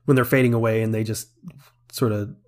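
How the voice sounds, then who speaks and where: A man's voice: fairly low pitch, steady tone, fairly quick, a little mellow. Chatty man recapping a movie plot. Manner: rambling recap with frequent fillers and laughs. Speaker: podcast co-host. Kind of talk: casual movie review chat.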